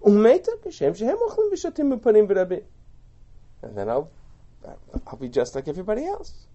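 A man voicing a bold, barren biblical woman who argues indignantly with God in a raised, lively voice. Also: high-pitched, a little fast, lo-fi sound, pitched above the performer's own voice, heavily acted. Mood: defiant. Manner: indignant, bold, arguing in first person.

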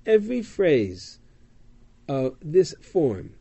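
A man's voice: on the high side, big pitch swings, very slow, creaky, dark tone, slightly rough. A man teaching a Torah class, explaining Hebrew verses and their translations, with frequent ums and uhs. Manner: explanatory, chanting Hebrew verses, many fillers.

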